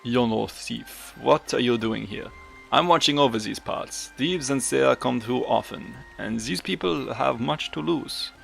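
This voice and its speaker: A man voicing a stern, dutiful male watchman in a fantasy game, with slow grave delivery. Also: mid-range voice, vocal fry, soft background music.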